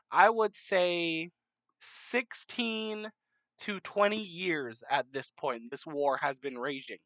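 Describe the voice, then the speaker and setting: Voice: medium pitch, sharp tone, dry recording, low-quality recording. A young adult narrating a map timelapse series in a casual, rambling way, with many fillers, self-corrections and joking asides. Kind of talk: casual game commentary.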